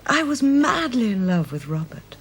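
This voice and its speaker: A woman's voice: medium pitch, big pitch swings, normal speed, slight background noise, natural voice. An actress playing a worldly woman who frankly and affectionately comforts a younger woman.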